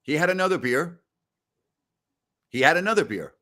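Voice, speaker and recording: A man in his sixties hosting a casual post-game show, telling rambling stories loudly with salty language. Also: fairly high pitch, lively intonation, normal speed. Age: 60s. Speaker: host.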